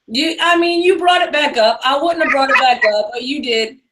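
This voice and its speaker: A woman with a New York accent joins a casual conversation as co-host. Her voice sits high, and she speaks with emphatic enthusiasm. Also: moderate pace, fairly bright tone. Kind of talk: casual chat.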